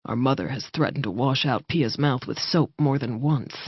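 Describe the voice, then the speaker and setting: A woman reading voicing a gruff male wolf-shifter soldier who talks bluntly and swears, on a slightly muffled recording. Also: rumbling low, moderate pace, no echo, voice pushed down.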